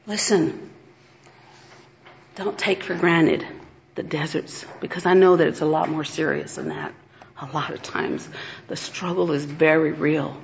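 A woman's voice: low-pitched, unhurried, vocal fry, pauses often, dull audio, a little hiss or hum. Woman preaching to a women's group. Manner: earnest, animated, laughs while acting out stories. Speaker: women's ministry speaker. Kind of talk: sermon.

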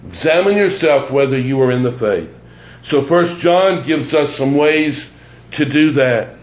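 A man preaching a sermon as pastor, deliberate and emphatic, repeating phrases for weight. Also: medium pitch, expressive, echoey room, muffled recording. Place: church sanctuary.

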